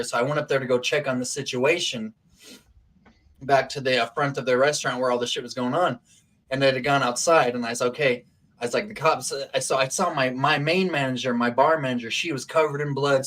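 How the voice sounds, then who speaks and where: A man casually telling a wild story on a talk stream, swearing a lot and acting out what people said. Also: mid-range voice. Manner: profane, animated, acts out quotes.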